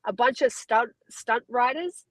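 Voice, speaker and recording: A woman's voice: a little high, measured pace, no echo, poor audio. A woman from Australia with an Australian accent, chatting casually as an interview guest and laughing easily. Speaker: guest, fighter.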